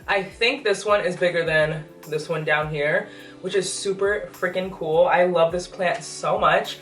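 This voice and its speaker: With a lowish voice, a steady tone and an unhurried delivery, a young pregnant woman eagerly chats through a casual plant update, a bit short of breath. She is a plant vlogger recording indoors in an apartment room with plants. The sound is echoey and distant, with music faintly in the background.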